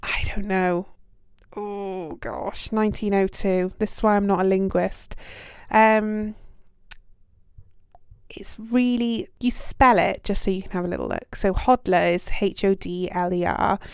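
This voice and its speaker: A young British woman chats through a relaxed solo podcast, self-deprecating and full of little fillers. Her voice is mellow and warm at a middle pitch. The recording is dry and close to the mic. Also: measured pace, clear, resonant tone, no room sound. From United Kingdom. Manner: chatty, self-deprecating, lots of ums and likes. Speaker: podcast host. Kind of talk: casual reflective monologue.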